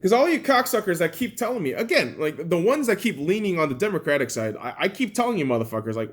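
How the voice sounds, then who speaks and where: A young male podcast host tears into a heated, profane rant. His voice jumps wildly in pitch, flaring into shouts and then sinking to low mutters. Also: sing-song, fast, few pauses, slightly rough. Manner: profane, angry ranting with swings from shouting to muttering. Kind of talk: political rant.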